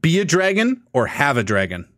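A man's voice: fairly high pitch, huge pitch swings, moderate pace, fairly bright tone. A man co-hosting a casual chat, reading out questions in a playful, teasing way and laughing often.

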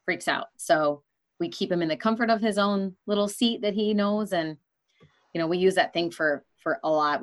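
A woman hosting a podcast, talking frankly and conversationally and often laughing mid-sentence. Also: lowish voice. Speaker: podcast host. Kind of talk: casual interview talk.

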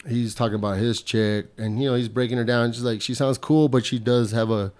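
A man's voice: mid-range voice, fairly even intonation, a little fast, a little mellow. A man hosting a casual podcast, laid-back and rambling, swearing as he makes his points. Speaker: podcast host.

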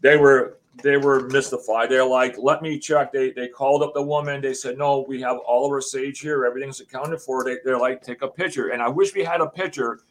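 Animated man telling a ghost story. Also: medium pitch, fairly quick, few pauses. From USA. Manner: rambling, acts out quotes, swears. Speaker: guest, homeowner telling a haunting story.

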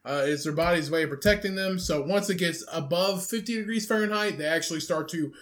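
A young man with a noticeably high voice co-hosts a casual podcast. He talks loosely and crudely. He reads news quotes aloud with plenty of uh's and um's. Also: fairly quick, fairly bright tone. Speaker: podcast co-host.

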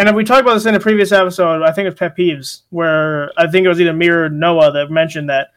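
A man's voice: a little high, fairly even intonation, fast talker, fairly bright tone. A young man hosting a casual podcast chat, rambling with lots of fillers and restarts. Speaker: podcast host.

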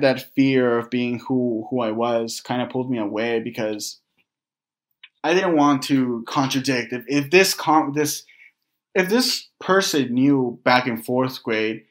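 A young man talks straight to his viewers, voice sitting at an ordinary middle pitch. He speaks haltingly and reflectively, restarting sentences and leaning on fillers, with some casual swearing. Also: fairly bright tone. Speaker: vlogger. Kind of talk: candid personal storytelling to camera.

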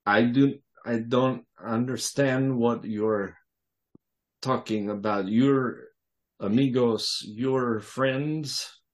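A man's voice: medium pitch, fairly even intonation, very slow, pitched above the performer's own voice. A man playing a flustered man with broken English. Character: frightened middle-aged man caught in bed.

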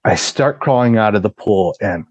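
Male podcast guest, husky and on the low side, telling a casual story with a dry close sound. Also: expressive, normal speed, a little mellow, dry recording, muffled recording. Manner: vivid retelling, swears freely, acts out the voices of others.

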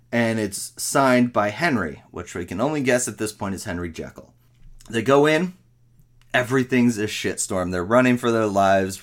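A man talks through a movie's plot in a loose, casual review. He rambles, backtracks and corrects himself, getting animated as he retells scenes. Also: mid-range voice.

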